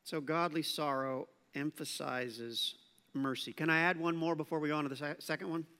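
Man, pastor, sermon, high bright voice, reverberant hall. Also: moderate pace, clean tone. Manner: animated, acts out quoted voices.

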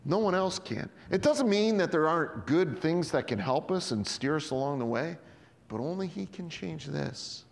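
A middle-aged man preaches with a higher-pitched voice in a lively, conversational way, then pulls back to a quiet, weighty tone on his key points. His voice rings out with a long reverb, as in a church sanctuary. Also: moderate pace, gravelly. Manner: animated, conversational preaching with sudden drops to quiet emphasis. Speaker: pastor. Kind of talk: sermon.

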